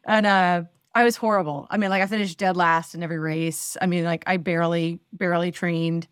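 A woman's voice: fairly low pitch, fairly even intonation, a little fast, clear, resonant tone, no echo, clean studio sound. A woman in her forties from the northeastern United States, a podcast guest telling chatty, self-deprecating stories with many fillers. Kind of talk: casual interview storytelling.

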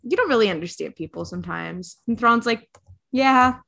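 A woman's voice: a little high, expressive, normal speed, vocal fry, fairly bright tone. A woman in casual chat, earnest and enthusiastic, with many fillers. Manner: earnest, enthusiastic fan talk.

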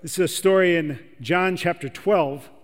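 High-voiced preacher in a big hall. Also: male voice, normal speed. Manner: conversational, asks the audience questions. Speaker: pastor. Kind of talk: sermon. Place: large church hall with audience.

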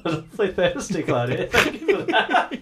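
A man playing a weary, boastful rock guitarist, improvising deadpan. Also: sits high, moderate pace, very noisy, voice pushed up.

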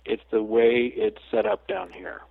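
A man talking as a guest psychic medium in a casual interview, a chatty storyteller who slips into lively quoted asides. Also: medium pitch, a little slow, gravelly, dry recording. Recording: tinny phone line, dry.

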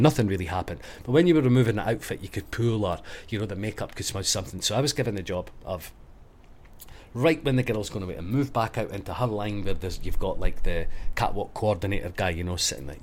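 A man with a Scottish accent, a hairstylist guest on a podcast, telling backstage stories in a casual, animated way, with plenty of swearing and fillers. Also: low-pitched, fast talker, a little hiss or hum. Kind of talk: casual storytelling.

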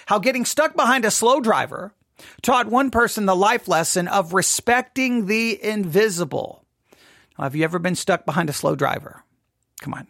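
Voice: mid-range voice, expressive, normal speed, fairly bright tone, no echo, studio quality. A host of a daily devotional talk in a casual style, reading article lines aloud, repeating phrases and asking listeners rhetorical questions. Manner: reads article lines aloud and comments on them.

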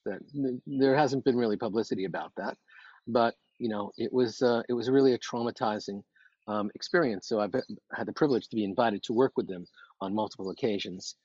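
A male meditation teacher with a slightly husky, breathy voice speaks calmly and without hurry. He guides listeners through slow breaths in a dry, dead-sounding room. The podcast audio is a bit dull and lo-fi. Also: medium pitch, no echo.

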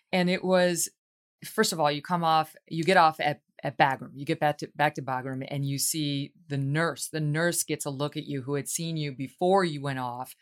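A woman hosting an interview, asking her guests questions in an earnest, emotional way. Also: low voice. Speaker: podcast host.

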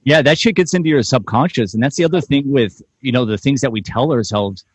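A man's voice: medium pitch, a little fast, slightly rough, dry recording. A man speaking as a podcast guest over a video call, emphatic and motivational in casual chat.

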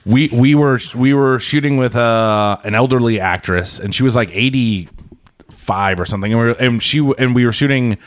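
A man's voice: mid-range voice, normal speed, clear, resonant tone. A man hosting a podcast, telling stories in a rambling, self-correcting way. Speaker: podcast host. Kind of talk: casual chat.

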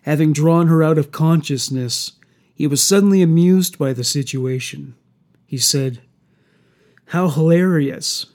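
A man narrating a dark horror story in a slow, even storytelling delivery. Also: fairly high pitch.

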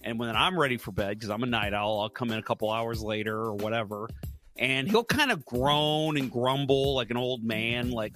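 A middle-aged American man hosts a casual podcast, telling stories in a loose, rambling way full of fillers. His voice is bright and forceful. Faint music plays underneath. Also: mid-range voice, lively intonation, normal speed. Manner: chatty, rambling storyteller with many fillers. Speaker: podcast host. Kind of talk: casual sports podcast chat.

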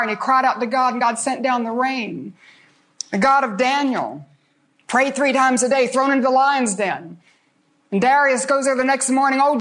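An older woman with a high voice preaches fervently. She retells Bible stories with emphasis and lets dramatic pauses sit between phrases. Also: fairly bright tone. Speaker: guest speaker.

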